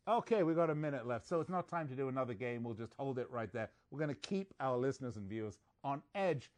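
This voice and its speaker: A man's voice: mid-range voice, animated, a little mellow. A man hosting a sports betting podcast, reading stats and teasing his co-host in casual chat. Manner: joking, reads stats quickly.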